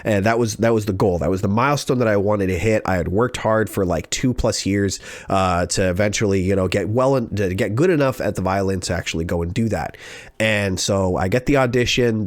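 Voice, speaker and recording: A young man from California, hosting a podcast and telling a personal story in a casual, animated way, repeating phrases for emphasis. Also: on the low side, dry recording. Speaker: podcast host.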